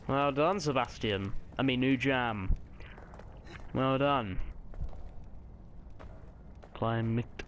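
Chatty, swearing man reacting loudly to a game, mid-range voice. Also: mid-range voice, very slow, pauses often. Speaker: let's play gamer. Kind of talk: casual gameplay commentary. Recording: noticeable background noise.

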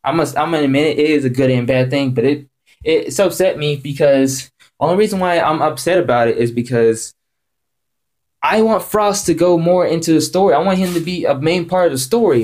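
A man giving a casual rant-style video review, excitable and rambling, repeating himself and jumping up in pitch when worked up. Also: fairly quick. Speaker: anime reviewer.

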